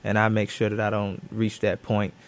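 A man's voice: lowish voice, completely flat delivery, normal speed. A man, a professional football cornerback, answering questions in a studio interview, thoughtful and full of fillers and restarts.

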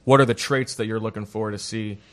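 A man's voice: fairly low pitch, fairly even intonation, fairly quick, fairly bright tone. A man hosting a casual sports discussion, steering the conversation and setting up topics and questions. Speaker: show host.

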